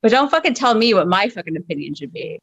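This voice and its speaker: A woman's voice: mid-range voice, big pitch swings, fast, creaky, fairly bright tone, no room sound, poor audio. Blunt swearing comedian woman in her thirties. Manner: blunt, exasperated, heavy swearing and many fillers. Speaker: stand-up comedian. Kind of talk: profane ranting stand-up bit. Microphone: video call.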